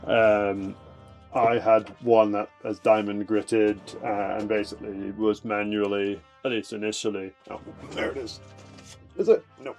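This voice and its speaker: A man's voice: on the low side, flat delivery, a little slow, a little mellow, faint music behind. Rambling man with many ums. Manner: rambling, hesitant, many fillers and restarts. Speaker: fossil preparator streaming his work. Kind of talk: casual live-stream explanation. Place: home shed workshop. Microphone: desk mic, voice fades as he moves away.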